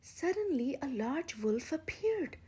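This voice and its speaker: A young woman, a channel host, reading a children's storybook aloud with gentle, expressive storytelling. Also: high-pitched, takes it slowly.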